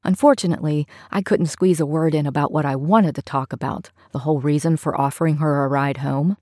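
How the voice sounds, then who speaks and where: A woman narrating a story in the first person, in a steady, measured storytelling manner. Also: low voice, dry recording, studio quality. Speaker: audiobook narrator.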